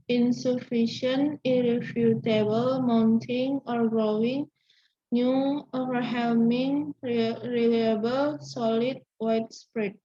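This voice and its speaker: A young woman, a student presenter, reading a vocabulary list slowly with small restarts. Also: a little high, warm tone. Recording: dull lo-fi recording.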